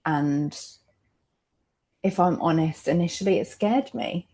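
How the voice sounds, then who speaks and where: Reflective woman with a low, mellow voice. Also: animated, takes it slowly, breathy edge. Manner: reflective and emotional, laughing often between thoughts. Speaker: mother in a roundtable discussion. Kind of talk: candid conversational sharing.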